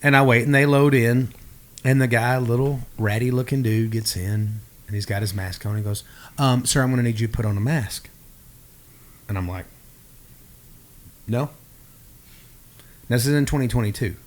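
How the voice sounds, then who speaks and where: A man co-hosting a podcast, telling a story in a casual, animated way and acting out the dialogue. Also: medium pitch, normal speed, long pauses. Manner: animated, acts out quoted dialogue. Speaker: podcast co-host.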